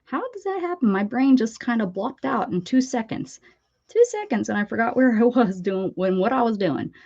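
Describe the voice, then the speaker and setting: A woman's voice: fairly high pitch, expressive, moderate pace, darkish tone, highs cut off. A woman hosting a casual live crafting stream, chatty and bubbly, greeting viewers and laughing. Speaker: craft video host.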